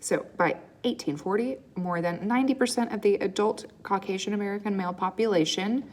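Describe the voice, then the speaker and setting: A woman teaching a history lesson over slides in a relaxed, chatty way, often checking in with "okay?" and filling pauses with ums. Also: mid-range voice. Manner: casual, checks in with "okay?" and "right?"; frequent ums and uhs, restarts. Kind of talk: recorded slide lecture.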